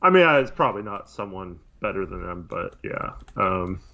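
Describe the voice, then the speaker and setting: A man co-hosting a casual sports podcast, talking in a measured, hedging way. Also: sits low, sing-song, sharp tone. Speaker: podcast co-host. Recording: dull lo-fi mic.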